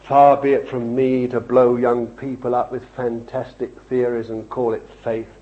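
Fervent slow-preaching man, lo-fi recording. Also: mid-range voice, flat delivery. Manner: fervent, repeated rhetorical questions, swings from loud to hushed. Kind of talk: sermon. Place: evening meeting in a room with a congregation. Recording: dull lo-fi recording.

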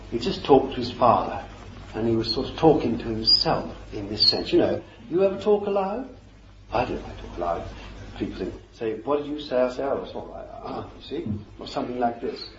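A man's voice: mid-range voice, very animated, moderate pace, a little hiss or hum. A man preaching a sermon in a fervent, emphatic way, repeating his phrases for stress. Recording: echoey, dull lo-fi recording.

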